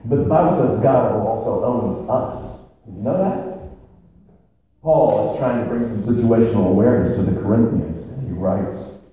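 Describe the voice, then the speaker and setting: A male pastor preaching a sermon with emphasis, repeating key phrases slowly. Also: fairly low pitch, mellow, slight background noise. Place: large echoey church sanctuary. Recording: echoey hall from far off.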